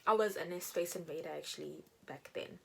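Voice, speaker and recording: A woman's voice: fairly low pitch, a little fast, gravelly, slight background noise, low-quality recording. Chatty young woman telling a story. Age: young adult. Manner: chatty, animated, acts out quoted people. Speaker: beauty vlogger. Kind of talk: casual storytelling while doing makeup.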